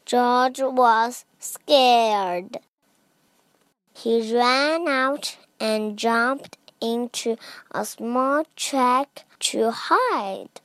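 Slow, careful storybook reader woman. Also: a little high, fairly bright tone, clear, resonant tone, dry recording. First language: Chinese. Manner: careful, deliberate reading. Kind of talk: reading an English picture book aloud.

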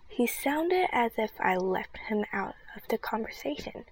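Woman reading her story soft and half whispered, kinda gravelly, pitch a bit high. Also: lively intonation, moderate pace, few pauses, poor audio. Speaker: story reader. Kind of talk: first-person story reading.

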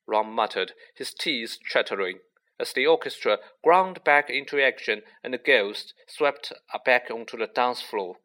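An audiobook narrator with a mid-range voice reads a storybook aloud, measured and expressive.

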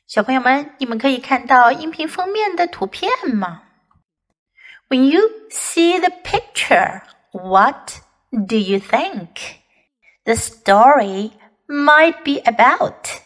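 Woman teacher, bilingual children's story reading, high voice, slow, animated. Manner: animated, addresses children directly. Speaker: English teacher.

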